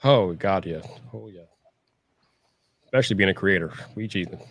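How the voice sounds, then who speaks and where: A man hosting a livestream, chatting casually with guests over a video call, animated and teasing, often laughing. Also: deep voice, moderate pace, dry recording. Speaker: livestream host. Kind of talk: casual chat.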